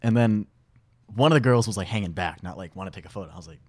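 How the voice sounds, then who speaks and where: A young man from Washington State, a podcast guest in casual chat, telling animated stories and laughing often. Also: fairly low pitch, fast talker.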